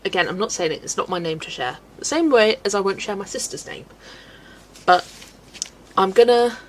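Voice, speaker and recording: A woman's voice: on the low side, low-quality recording. A young woman chatting casually on a colouring livestream, answering chat and laughing often. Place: home room.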